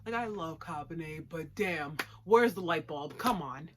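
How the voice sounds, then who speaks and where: A woman's voice: sits low, expressive, measured pace, heavy background noise. A young woman casually reviewing an anime episode at home, slangy and sarcastic with giggly asides. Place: home room with plushies.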